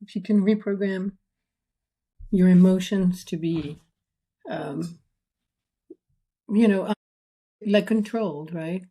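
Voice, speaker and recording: A woman's voice: medium pitch, slow pace, long pauses, warm tone, slightly rough. Woman thinking aloud in casual chat. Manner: thinks aloud, hedging, many fillers.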